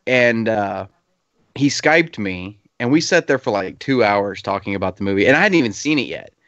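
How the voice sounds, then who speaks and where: A man's voice: lowish voice, lively intonation, moderate pace, a bit bright, dry recording. A man from Arkansas with a southern accent, co-hosting a podcast in casual, joking and profane chat. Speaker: podcast co-host. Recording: dull lo-fi sound.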